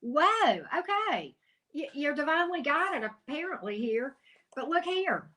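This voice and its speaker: A woman's voice: high-pitched, sing-song, a little slow, sharp tone. A woman hosting a live tarot reading, chatting casually, greeting viewers by name and exclaiming at the cards.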